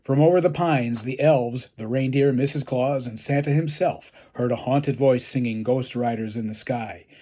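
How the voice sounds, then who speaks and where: Husky-voiced man reading a story deadpan. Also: mid-range voice, normal speed, few pauses. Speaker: author reading his own story. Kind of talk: read-aloud storytelling.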